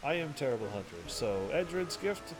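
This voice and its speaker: A man voicing a sheepish goblin hunter who speaks in halting, broken phrases and stumbles over words. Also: on the high side, very animated, over music, poor audio.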